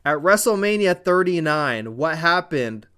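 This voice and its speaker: A man's voice: fairly high pitch, lively intonation, a little slow, pushed and bright, smooth. A man recapping a wrestling show in casual commentary, retelling it like a dramatic story with profane asides.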